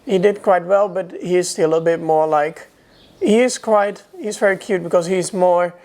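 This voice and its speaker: A young Dutch man speaking English with a light Dutch accent, chatting casually with hesitant pauses. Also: high voice, darkish tone. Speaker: co-host, horse rider. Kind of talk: casual chat.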